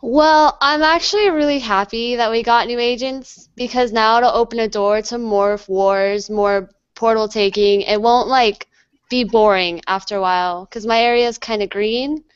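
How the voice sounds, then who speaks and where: A young American woman, a guest on an online interview, telling a story with lively acted-out dialogue. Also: fairly high pitch, normal speed, clear, resonant tone, dry recording. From USA. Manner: animated storyteller acting out dialogue. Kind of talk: casual interview chat. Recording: dull lo-fi online call audio.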